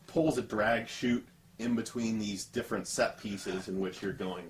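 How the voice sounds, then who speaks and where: A man discussing a film in a casual chat, measured, listing scenes one by one. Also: fairly low pitch, fairly even intonation, background noise. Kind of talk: casual movie review chat.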